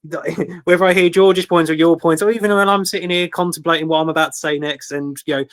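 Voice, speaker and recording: Man, slightly high voice, podcast co-host, rambling, jokey, filler-heavy. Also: fairly even intonation, fast talker, a bit bright. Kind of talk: casual podcast chat.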